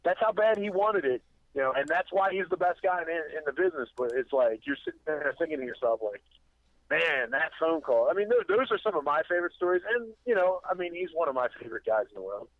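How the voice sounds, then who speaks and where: Over a dry, tinny phone line, a Delaware wrestling promoter guesting on a podcast rambles through road stories, acting out quotes and frequently starting over. He talks fast in a slightly high voice with big swings in pitch.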